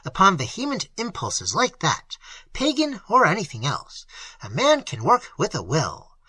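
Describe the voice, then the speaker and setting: A reader with a hoarse voice voicing an old male pastor who speaks fervently and emphatically in an audiobook. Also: mid-range voice, huge pitch swings, measured pace, bright, forceful tone, no echo, voice pushed up, heavily acted.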